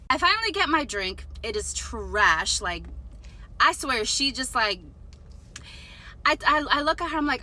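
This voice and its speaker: Young woman venting a storytime tale, bright voice, swears a bit. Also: sits high, measured pace, long pauses. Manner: animated, indignant, swears. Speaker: storytime vlogger. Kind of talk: casual storytelling.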